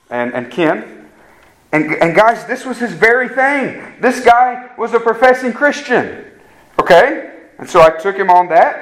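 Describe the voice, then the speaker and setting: High-voiced earnest man preaching. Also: fairly bright tone, low-quality recording. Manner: earnest, emphatic, often checks in with "okay?"; repeats words when starting sentences. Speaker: pastor. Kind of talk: sermon.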